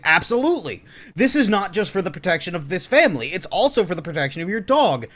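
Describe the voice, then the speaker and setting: A man delivering opinionated reaction commentary in a sarcastic, swearing rant. His voice is fairly high for a man and very animated, jumping up and down constantly. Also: normal speed, long pauses. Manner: ranting, sarcastic, profane. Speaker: online commentator.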